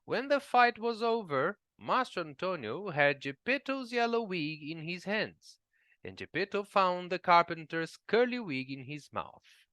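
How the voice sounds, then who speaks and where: Slow, expressive male storyteller. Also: high voice, no echo, studio quality. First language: Portuguese. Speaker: English teacher reading an audiobook. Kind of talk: storybook narration.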